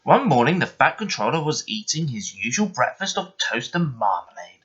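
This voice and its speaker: A man reading a bedtime story aloud in an expressive, measured way. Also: mid-range voice, breathy edge. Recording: muffled lo-fi recording.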